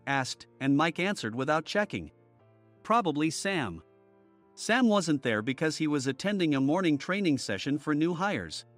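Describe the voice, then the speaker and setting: Lively-voiced male story narrator. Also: fairly high pitch. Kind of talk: first-person story narration. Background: faint music.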